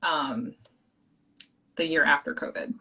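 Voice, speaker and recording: A woman's voice: low-pitched, takes it slowly, pushed and bright, breathy edge, rough recording. A woman hosting a book club video chat, talking casually with lots of fillers. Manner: supportive, chatty, filler-heavy.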